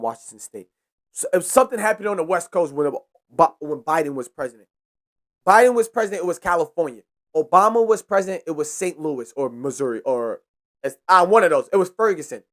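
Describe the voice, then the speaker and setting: A man's voice: fairly high pitch, fairly bright tone. A young man hosting a podcast, ranting in a heated, profane way and repeating himself for emphasis. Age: young adult. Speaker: podcast host. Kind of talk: casual ranting monologue.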